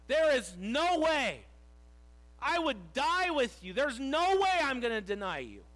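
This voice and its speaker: A man's voice: extremely high pitch, sing-song, measured pace, a bit bright, pitched above the performer's own voice, full character voice. A preacher acting out a proud male disciple who insistently protests that he will never fail. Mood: protesting.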